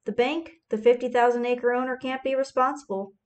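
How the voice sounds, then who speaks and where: Woman doing stern land owner men, firm, matter-of-fact, kinda high voice, storybook reading. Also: steady tone, a little fast, lightly acted. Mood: insistent. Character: group of stern landowning men.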